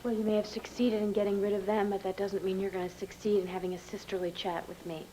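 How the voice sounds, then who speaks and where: An actress playing a hurt, resentful younger sister in a soap opera, bitter and accusing. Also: female voice, medium pitch, little pitch movement, fast talker, mellow, a little hiss or hum, lightly acted, poor audio.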